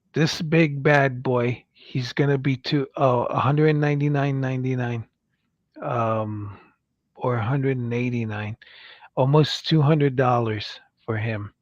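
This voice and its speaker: A man's voice: medium pitch, dry recording, dull audio. A man hosting a casual toy-review livestream, rambling with fillers and restarts as he reads product copy aloud. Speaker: livestream host.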